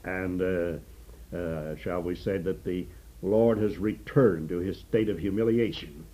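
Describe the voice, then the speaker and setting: A man preaching an unhurried expository sermon on the radio, pausing often with fillers. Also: sits low, fairly even intonation, mellow, rough recording.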